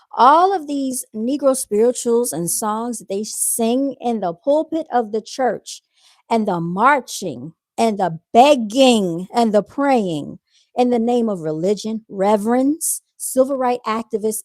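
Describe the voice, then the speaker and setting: A woman's voice: fairly high pitch, animated, a little slow, no room sound. A woman delivering an opinionated commentary monologue straight to her viewers, emphatic and repetitive as she drives her points home. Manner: emphatic, repeats points, addresses viewers directly. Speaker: commentary vlogger.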